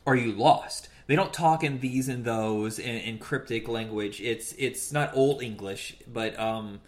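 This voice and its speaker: Man, podcast co-host, casual, relaxed, opinionated film chat. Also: mid-range voice, unhurried.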